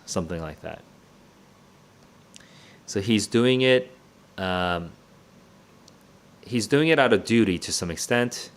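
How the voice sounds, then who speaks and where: Casual lower-voiced man thinking aloud. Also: animated, slow pace, pauses often. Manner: thinks aloud, casual and digressive, with frequent fillers and restarts; swears casually for emphasis. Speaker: book club host. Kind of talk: livestream reading reaction.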